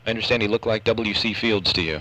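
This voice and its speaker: A man's voice: fairly low pitch, steady tone, fast talker, a loud crowd, poor audio. A man interviewing a guest on the radio, asking prepared questions about his past. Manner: prompting, well-researched questions with easy laughs.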